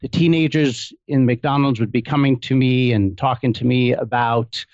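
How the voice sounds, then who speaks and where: A middle-aged man and couples therapist, a guest speaking in a relaxed, reflective way as he tells his own story and chuckles now and then. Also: mid-range voice, moderate pace, no room sound, dull audio. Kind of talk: casual interview chat.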